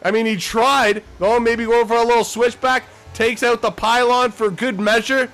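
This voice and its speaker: A man's voice: very high voice, level tone, normal speed, fairly bright tone. Joking, foul-mouthed male race commentator. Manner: casual, joking, swears freely. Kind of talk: live sim racing commentary.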